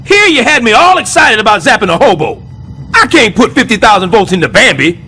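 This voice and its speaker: A man voicing a brash, scheming middle-aged building superintendent in a cartoon, loud and sarcastic. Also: high-pitched, big pitch swings, fairly quick, soft background music, full character voice. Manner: loud, sarcastic wisecracking, jumps between growls and squeals. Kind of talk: stop-motion cartoon voice acting.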